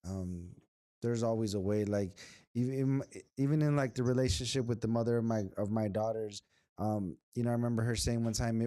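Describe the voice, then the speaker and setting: A man's voice: medium pitch, steady tone, fairly quick, dark tone, smooth, dry recording, studio quality. A man in his thirties co-hosting a podcast, speaking hesitantly and reflectively with many restarts. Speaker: podcast co-host. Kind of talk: casual podcast chat.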